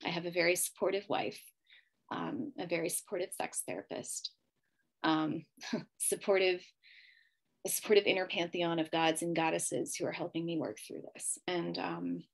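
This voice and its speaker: A woman's voice: fairly low pitch, vocal fry. A woman hosting a podcast, candidly telling her own story with emotion and many fillers. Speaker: podcast host. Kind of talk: personal storytelling monologue.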